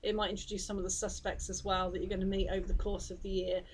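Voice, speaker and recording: A woman's voice: medium pitch, flat delivery, quick pace, a little hiss or hum, poor audio. Chatty woman explaining a game. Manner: chatty, explanatory, frequent fillers. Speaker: co-host demonstrating a mystery game. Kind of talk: casual live stream demonstration.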